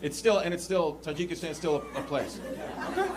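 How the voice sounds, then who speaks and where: A brisk, slightly high male voice belongs to a stand-up comedian doing crowd work before a live audience in a large club. He mocks hecklers in a brash, profane way, and the live recording captures crowd noise and laughter.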